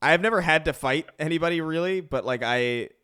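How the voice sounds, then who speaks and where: A man with a smooth, resonant voice, chatting casually among friends. He rambles, laughs along, and builds out absurd what-if scenarios. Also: a little high, a little fast, pushed and bright. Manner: rambling, laughing, spins wild hypotheticals.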